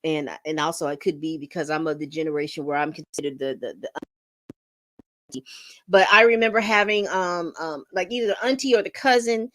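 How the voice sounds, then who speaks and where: A woman's voice: low voice, steady tone, brisk, fairly bright tone, dry recording. A middle-aged woman hosting a casual livestream, rambling and reading chat comments aloud. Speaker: livestream host.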